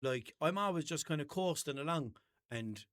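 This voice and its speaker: Recorded dry with clean studio sound in an indoor room, this Irish man hosts a podcast in a somewhat high, animated voice at normal speed with a fairly bright tone. He spins rambling stories in relaxed conversation, voicing both sides of his arguments himself.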